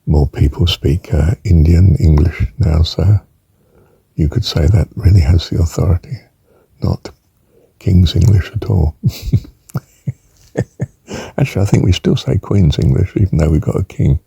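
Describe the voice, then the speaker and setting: A man's voice: low voice, a little slow, creaky, pauses often, warm tone, husky, no room sound. An older man giving an informal spelling lesson, rambling and musing aloud, drawing out words as he says them and adding chuckling asides. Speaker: teacher.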